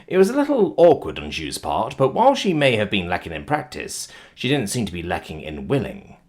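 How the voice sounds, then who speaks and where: Rich: A male storyteller with a husky, breathy tone. He reads fiction aloud in a very lively, sweeping voice. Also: lowish voice, fairly quick. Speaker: narrator. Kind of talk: audiobook narration of fiction.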